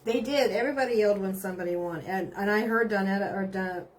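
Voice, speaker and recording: A woman's voice: medium pitch, quick pace, a little hiss or hum. A middle-aged woman, chatting casually on a live stream and reading out viewer comments, bubbly and giggly. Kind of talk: casual chat.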